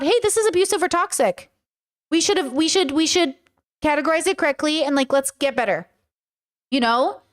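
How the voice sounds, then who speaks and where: Woman, high voice, blunt, swears a lot, casual reaction commentary. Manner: blunt, profane, emphatic. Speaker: commentary host.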